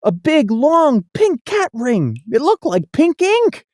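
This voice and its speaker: A storyteller reading a rhyming picture book aloud in an expressive, sing-song way. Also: sits high, takes it slowly, no echo.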